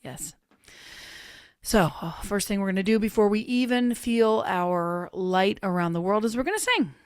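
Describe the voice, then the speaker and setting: A woman's voice: medium pitch, expressive, normal speed, clean tone, no echo, clean studio sound. A woman hosting an online creativity gathering from her home, talking in a playful, self-mocking, upbeat way. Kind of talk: casual spiritual group talk.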